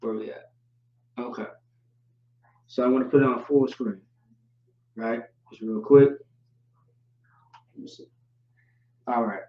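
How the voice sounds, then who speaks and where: A man gives a slow, deliberate livestream lesson, stopping often on fillers as he explains. He sits well back from the microphone, so his voice comes through roomy and distant. The audio has a dull, lo-fi quality. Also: mid-range voice, fairly even intonation, slight background noise. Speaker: teacher. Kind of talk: livestream teaching.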